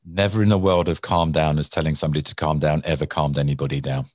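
Very deep-voiced man, dry sound. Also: fast, no room sound. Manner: animated storytelling, acts out angry people; repeats and restarts words. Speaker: guest, former hostage negotiator. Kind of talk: conversational interview.

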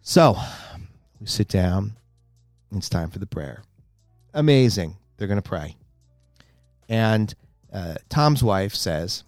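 A man spins a personal story in casual conversation, his pitch leaping up and down as his indignation builds. The sound is dry and close, with faint music underneath. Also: takes it slowly, pauses often, no echo. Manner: animated, exasperated storytelling with rising indignation. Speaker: guest storyteller. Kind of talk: casual chat.

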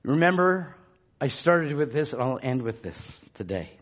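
A man preaching a sermon, repeating phrases and swinging from hushed tones to shouts. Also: medium pitch, sing-song, moderate pace, highs cut off.

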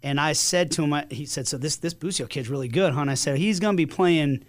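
A man's voice: on the high side, fast. A man hosting a podcast, telling anecdotes in a casual, conversational way. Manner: conversational anecdotes, some repeated words. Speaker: podcast host.

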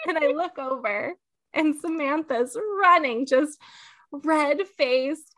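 A woman co-hosts a casual podcast, telling stories with frequent laughter. She talks slowly in a slightly high voice. Her voice sounds dry and close, with no room echo. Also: fairly bright tone. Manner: laughing storyteller. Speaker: podcast co-host.

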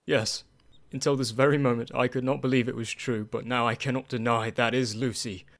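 A man's voice: medium pitch, level tone, brisk, close to an everyday voice. A man playing an earnest young doctor. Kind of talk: radio drama acting.

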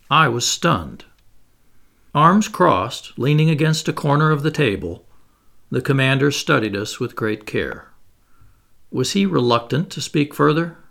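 Gravelly male audiobook narrator. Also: medium pitch, fairly bright tone. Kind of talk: scripted narration.

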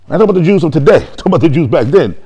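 A man preaching a sermon, telling a story quietly and then building to loud, shouted praise. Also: on the high side, expressive, rapid-fire, husky, dull audio. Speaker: pastor.

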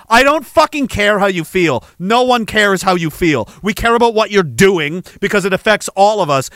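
A man's voice: high voice, bright, forceful tone, dry recording. A man ranting angrily and sarcastically, swearing as he reacts to clips. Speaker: online commentator. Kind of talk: profane reaction rant.

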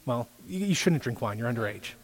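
A medium-pitched, animated man talks a little fast, his voice carrying a breathy edge and a long reverb tail. He is a youth pastor giving an informal sermon, chatting conversationally and peppering the audience with quiz questions.

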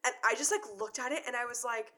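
Bright-voiced chatty young woman. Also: fairly high pitch, quick pace. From Chicago area. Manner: chatty storyteller, many "like" fillers, acts out quotes. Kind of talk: casual chat.

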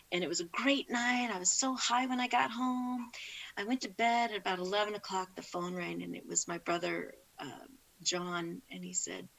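A woman's voice: lowish voice, vocal fry, a bit bright, poor audio. A middle-aged woman, a guest in an interview, telling a heartfelt faith testimony with frequent restarts. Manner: heartfelt storytelling with many restarts.

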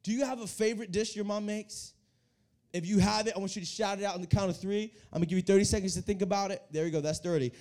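Talking fast and with lively energy, a young male youth pastor addresses his congregation in a church hall. The sermon comes in a warm, mellow, fairly high-pitched voice, with words often repeated to build up each point.

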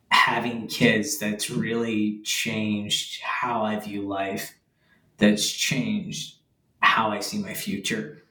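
A man's voice: mid-range voice, fairly bright tone. A young man speaking as an interview guest about becoming a father, rambling with many fillers and frequent laughs. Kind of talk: casual conversational interview. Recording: roomy, from a distance.

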